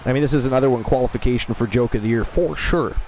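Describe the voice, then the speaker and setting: A man's voice: medium pitch, fast talker, background noise. A man hosting an online wrestling show, chatting casually and teasing his co-hosts in a playful way. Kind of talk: casual livestream chat.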